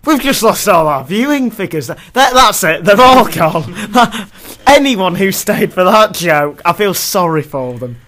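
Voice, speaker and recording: A man's voice: sits high, big pitch swings, a little slow, few pauses, a bit bright. A young man co-hosting a casual podcast, joking and laughing often at his own lines. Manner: jokey, self-mocking, laughs often. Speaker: podcast co-host.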